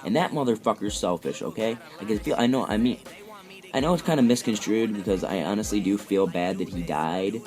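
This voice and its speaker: A man's voice: lowish voice, brisk, a little mellow. A teenage boy ranting heatedly and profanely as he commentates over gameplay. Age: teens. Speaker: gaming commentator.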